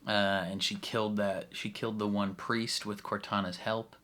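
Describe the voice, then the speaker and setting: A man's voice: lowish voice, flat delivery, moderate pace, sharp tone. A young man casually recapping a show episode, chatty, laughing often and full of fillers. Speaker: reaction video host.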